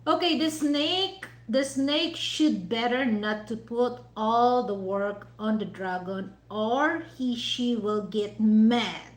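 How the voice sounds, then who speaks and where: A woman's voice: fairly high pitch, slow pace, hardly any pauses, echoey room, rough recording. A woman vlogger chatting casually over dinner, rambling and leaning on "you know" fillers with non-native phrasing.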